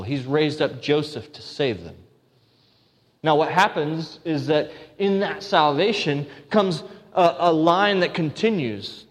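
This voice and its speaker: Earnest male preacher in a reverberant hall. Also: high voice. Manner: earnest, with restarts and emphatic repetition. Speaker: pastor. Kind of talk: sermon.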